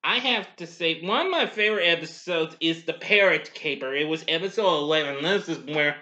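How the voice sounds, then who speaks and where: A man's voice: on the high side, bright, forceful tone, muffled recording. A man hosting a casual spoken review of an old cartoon, rambling along with many "well" and "anyway" asides and frequent chuckles.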